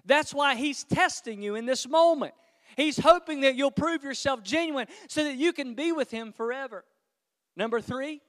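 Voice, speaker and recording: A man's voice: very high-pitched, normal speed, fairly bright tone. A man preaching a sermon as pastor, emphatic and stretching key words for effect, in a church. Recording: long hall reverb.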